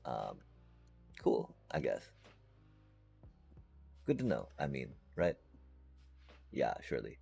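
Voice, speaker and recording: A man's voice: very deep voice, wildly swooping pitch, takes it slowly, creaky, pauses often, warm tone, slightly rough, soft background music. A man streaming a game live, chatting casually and playfully to his viewers in a rambling way. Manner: rambling and playful, addresses chat.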